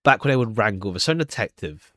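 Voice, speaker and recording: A man's voice: on the low side, expressive, quick pace, heavy background noise, close to an everyday voice. Man playing a weepy grandfatherly old chairman. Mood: sentimental. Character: sentimental old male committee chairman. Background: background music.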